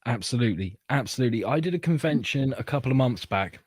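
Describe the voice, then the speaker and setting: A man's voice: mid-range voice, expressive, quick pace, slightly rough, dry recording. A British man from Britain, a comic writer guesting on a podcast, talking bluntly and emphatically. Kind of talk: casual podcast chat.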